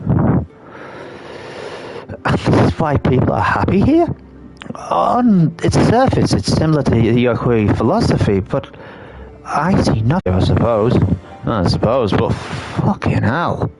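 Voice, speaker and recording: A man's voice: mid-range voice, sing-song, slow, loud music behind the voice, low-quality recording. A young man streaming a video game, joking offhandedly and reading the on-screen text aloud as he plays. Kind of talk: casual let's-play commentary.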